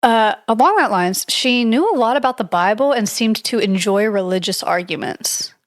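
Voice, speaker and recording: A woman's voice: on the high side, expressive, moderate pace, no room sound, studio quality. A woman co-hosting a podcast, casually retelling a ghost story from her notes, hedging often with "like" and "I don't know.". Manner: chatty, hedging, reads from notes with frequent likes and I don't knows. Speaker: podcast co-host.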